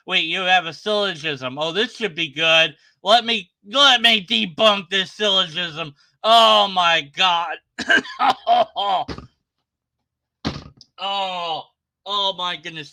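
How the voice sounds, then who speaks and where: A man's voice: high-pitched, bright, forceful tone, no room sound, rough recording. A man ranting sarcastically in a reaction commentary, exasperated and swearing, sometimes trailing off into muttered asides. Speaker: video commentator.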